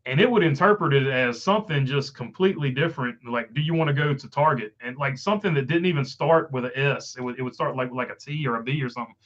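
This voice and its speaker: A man's voice: medium pitch, fast, hardly any pauses, fairly bright tone, highs cut off. Country-accented man rambling through chat. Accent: Southern US country. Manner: filler-heavy, rambling, frequent uh. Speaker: live stream host reading chat. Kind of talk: casual live stream chat.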